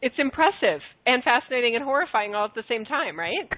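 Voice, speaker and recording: A woman hosting a call-in spiritual talk show. She pours out praise and affection for her callers, and her voice sits a little high. The sound is dry and tinny, like a phone line. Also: very animated, fast, no echo. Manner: effusive, warm and affectionate with callers. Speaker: podcast host.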